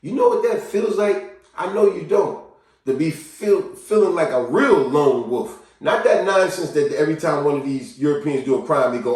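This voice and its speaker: A vlogger gives a casual motivational talk to camera at a moderate pace, animatedly acting out cheerful greetings in a higher voice and sad confessions in a low murmur. He's far from the mic in a very echoey room.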